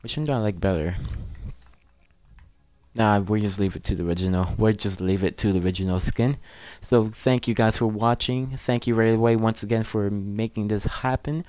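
Eager low-voiced man chatting about games. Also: steady tone, normal speed, darkish tone, no echo. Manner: chatty, keeps addressing viewers as "guys"; pleading and eager. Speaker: gaming channel host. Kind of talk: casual game commentary.

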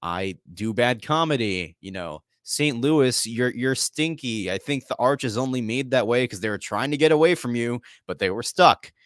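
A man's voice: mid-range voice, expressive, normal speed, few pauses, fairly bright tone, no room sound, clean studio sound, natural voice. A man putting on a goofy male wrestler who delivers corny insult jokes in a hammy way.

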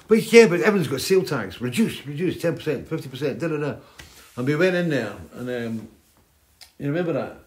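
A man's voice: fairly high pitch, lively intonation, quick pace. Rambling older man telling stories. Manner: chatty, keeps adding "right?". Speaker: host. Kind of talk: rambling storytelling chat.

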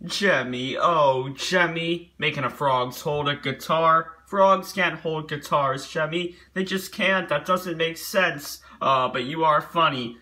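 A man narrates his comedic reaction to a run of silly pictures, talking slowly and breaking into giggles and singsong chants. His voice sits a little high and sounds bright and forward. He keeps mock-scolding the picture maker in a playful tone. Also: fairly even intonation.

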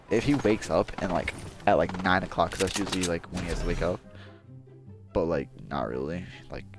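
A teenage boy with a deep, gravelly voice gives hyped, slang-heavy commentary on his game, calling everyone dude. At times he drops to a whisper. Loud music plays under him. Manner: excitable, hyped, slangy, keeps saying dude; whispers at times to stay quiet. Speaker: gaming YouTuber. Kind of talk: casual gameplay commentary. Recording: loud background music over voice.

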